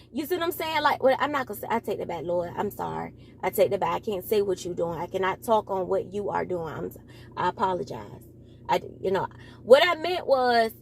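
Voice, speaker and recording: A young adult woman, rambling and correcting herself in a preachy commentary monologue. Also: high voice. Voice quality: mild speech impediment. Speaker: commentary vlogger.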